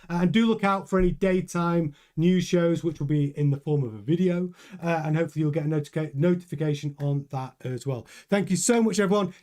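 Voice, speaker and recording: A man's voice: sits high, darkish tone. A man hosting a live motorsport news stream, chatting casually, reading out viewer comments and thinking aloud with many fillers and restarts.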